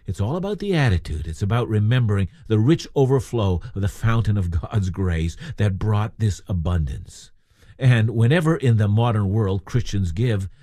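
A man's voice: mid-range voice, a little mellow, dry recording, clean studio sound. A man preaching a sermon in a conversational way, asking his listeners questions.

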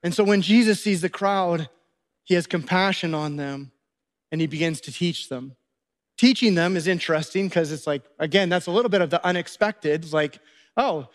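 A pastor preaching a sermon, retelling a Bible story with lively acted-out dialogue. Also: male voice, sits high. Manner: animated storytelling, acting out disciples' voices.

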